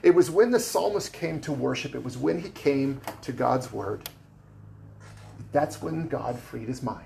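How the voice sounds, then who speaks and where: A male pastor preaching in a church, his mid-pitched voice rough and gravelly. He talks in a conversational, down-to-earth way, with a faint hiss of noise under the recording. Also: animated, unhurried, warm tone. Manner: conversational preaching with casual asides. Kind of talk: sermon. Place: church sanctuary.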